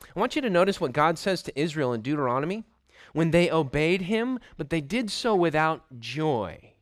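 A man preaching a sermon, emphatic and deliberate, stressing points by repeating short phrases. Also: on the high side, sing-song, no room sound, studio quality. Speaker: pastor.

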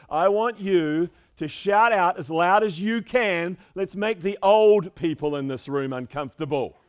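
A man with a high voice delivers a lively sermon in a church sanctuary. He swings from booming calls to quiet asides, pushing his congregation along. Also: clean tone. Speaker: pastor.

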